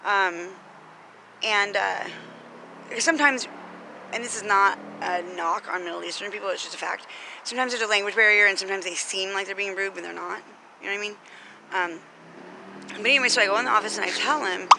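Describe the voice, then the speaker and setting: A woman's voice: mid-range voice, brisk, vocal fry, pauses often, noisy background. An American woman vlogger telling a story in a chatty, indignant rant, full of fillers. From United States.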